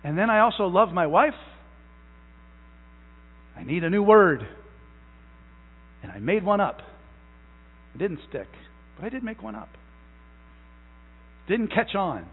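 A young pastor with a high-pitched, breathy voice preaches a sermon with great animation and emphasis in a church sanctuary. He stretches out key words, repeats phrases and restarts them haltingly. The audio sounds tinny and phone-like inside a long-echo hall.

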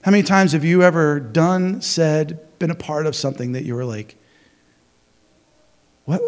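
A man preaching a sermon as pastor, animated, acting out crowd voices, with many restarts. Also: a little high, moderate pace, pauses often.

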